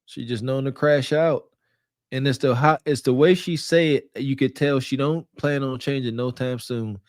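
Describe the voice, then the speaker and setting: A man's voice: medium pitch, steady tone, no room sound. Teasing male podcast host, dry sound. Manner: teasing, incredulous, quick to laugh. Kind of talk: mocking reaction commentary.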